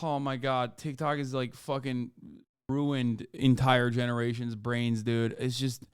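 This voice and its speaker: A man's voice: medium pitch, flat delivery, measured pace, clean tone, dry recording, clean studio sound. A man in his thirties streaming, reacting to clips with profane, exasperated commentary.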